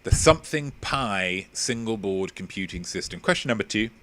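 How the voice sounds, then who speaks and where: A man hosts a live-streamed quiz, reading questions and bantering with his viewers. He plays it mock-pompous and teasing, his pitch leaping up and down with lively swings. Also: moderate pace. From England. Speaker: quiz host.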